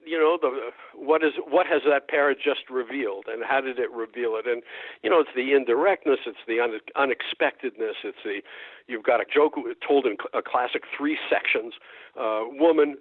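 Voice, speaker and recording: A man, a folklorist, talking thoughtfully in a radio interview, often pausing and restarting. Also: medium pitch, no echo. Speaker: folklorist guest. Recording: dry tinny phone line.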